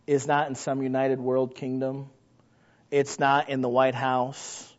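In a muffled, lo-fi recording, a pastor with a mid-range voice delivers a sermon in a chatty style, frequently putting questions to the congregation. His quiet asides swell into loud, emphatic outbursts.

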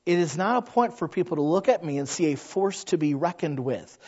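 A man's voice: on the high side, a little fast, husky. A man in his thirties preaching a sermon, telling stories and acting out the voices of the people in them. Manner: animated storyteller who acts out quoted voices. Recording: slightly dull lo-fi sound.

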